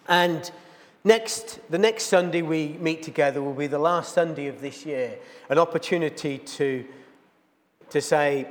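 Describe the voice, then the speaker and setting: A man preaches to his congregation with a fairly high voice. He speaks earnestly and tells plain stories. His words carry a long reverb from the church hall. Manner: storytelling, earnest and plain-spoken. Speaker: pastor. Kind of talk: sermon.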